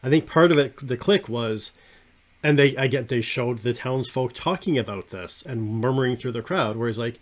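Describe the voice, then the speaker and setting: A man hosting a podcast, talking casually and enthusiastically about an animated series, often trailing off quietly at the ends of phrases. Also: mid-range voice, moderate pace. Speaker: podcast host.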